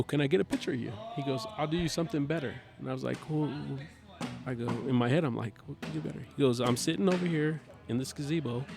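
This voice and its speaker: A man with a gravelly, rough-edged voice at an ordinary middle pitch, talking as a guest on a chat show. He tells his story in a lively, chatty way and slips into the voices of the people in it. Music plays clearly behind him. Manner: animated, chatty storyteller who acts out dialogue. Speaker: podcast guest, cornhole player.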